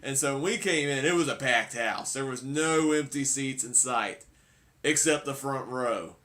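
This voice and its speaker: A man's voice: medium pitch, a little slow, a bit bright. A man answering as a guest in a casual interview, easygoing and full of "uh" and "you know".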